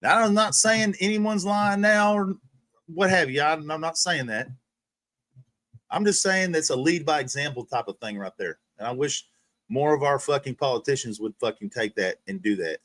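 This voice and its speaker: A man's voice: a little high, normal speed, fairly bright tone, no room sound. A man hosting a livestream, ranting in a heated, profane monologue and restarting his sentences often. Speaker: livestream host.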